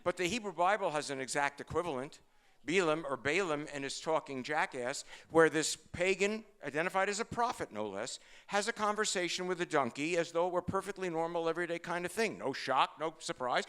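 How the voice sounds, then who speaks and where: An older man, a rabbi giving a humorous sermon, talking fast and telling stories with jokes. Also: on the high side, smooth. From Brooklyn, New York. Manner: fast-talking, joking, animated storytelling.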